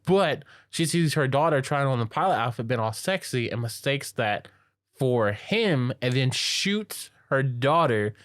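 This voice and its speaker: Podcast co-host, male, middle pitch, rambling excited recap, loose and filler-heavy; dry close mic. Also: a little slow, no echo. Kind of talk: casual chat.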